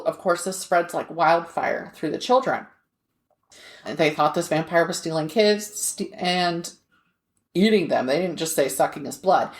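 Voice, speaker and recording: A woman's voice: on the low side, roomy sound. A woman co-hosting a podcast, telling a story in a chatty, casual way and laughing now and then mid-sentence. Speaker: podcast co-host.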